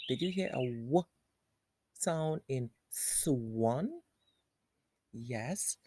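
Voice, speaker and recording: A woman leads a phonics lesson for young children, speaking very slowly and patiently. Her voice is low and mellow, and she repeats each sound and word, asking the child questions. The recording is close and dry. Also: breathy edge, no room sound. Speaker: teacher.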